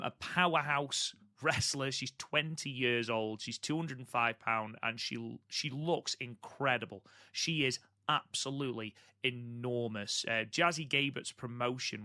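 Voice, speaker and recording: A man's voice: medium pitch, bright, forceful tone, dry recording, clean studio sound. A man co-hosting a podcast in casual chat, enthusiastic and prone to repeating words for emphasis. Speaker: podcast co-host.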